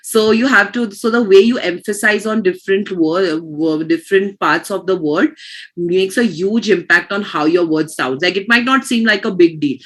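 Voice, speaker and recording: A woman's voice: mid-range voice, moderate pace. A woman teaching pronunciation in an online class, explaining patiently and restarting her phrases.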